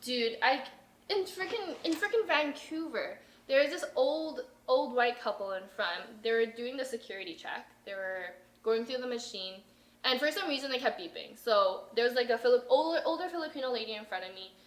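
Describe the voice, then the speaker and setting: This young woman hosts a podcast, chatting casually and telling stories with plenty of energy, swearing freely and acting out what other people said. Her voice is a little high, with lively intonation at a normal speed. The recording has a roomy echo.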